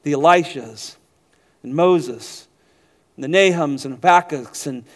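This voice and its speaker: A man preaching a sermon as pastor, rising to loud emphatic stretches and dropping to quiet low passages, often repeating words as he restarts a phrase. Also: measured pace.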